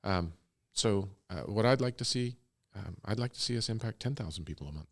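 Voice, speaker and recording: Man, very low voice, rambling, enthusiastic, casual interview guest. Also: animated, fairly quick. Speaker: guest, co-founder of a bunny ministry.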